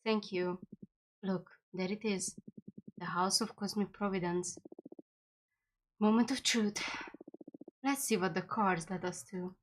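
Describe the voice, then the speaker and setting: A woman's voice: medium pitch, steady tone, slow pace, pauses often, slight background noise. Gushing, emotional woman streamer. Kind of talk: live game stream commentary.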